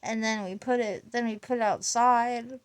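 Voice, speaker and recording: A woman's voice: on the high side, steady tone, normal speed. Laughing, rambling woman telling a story. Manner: laughs often, rambling with restarts; quotes family members in livelier voices. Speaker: vlogger. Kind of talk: casual storytelling.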